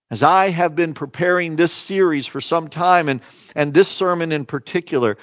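A man preaching a sermon in an earnest, emphatic way, slowing into dramatic pauses on key phrases. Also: on the high side, no room sound. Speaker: pastor.

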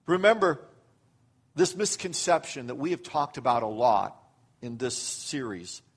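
A man's voice: medium pitch, very animated, measured pace, breathy edge. An older man preaching a sermon as pastor, acting out quoted prayers with rising emphasis.

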